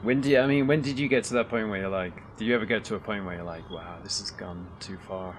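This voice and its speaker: A man's voice: fairly low pitch, fast talker, a little hiss or hum. A man interviewing a guest, rephrasing his question as he goes.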